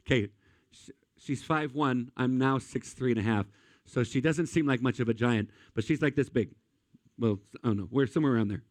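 A young man preaching a sermon, telling a story with lively energy and building to emphatic points. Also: mid-range voice, brisk, no echo. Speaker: pastor.

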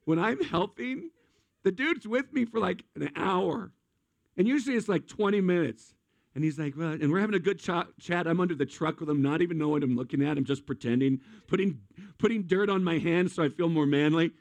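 Man, middle-aged, pastor, sermon, self-deprecating jokes, higher-pitched voice, dry sound. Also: brisk, vocal fry, no echo. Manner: humorous self-deprecating storytelling.

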